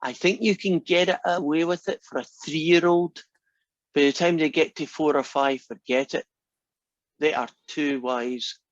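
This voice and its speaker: A man teaching a math class drifts into a long, animated story, rambling and restarting as he goes. The recording is dull and lo-fi, with a dry, close sound and no room echo. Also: on the high side. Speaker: college math instructor. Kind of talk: anecdote told in class.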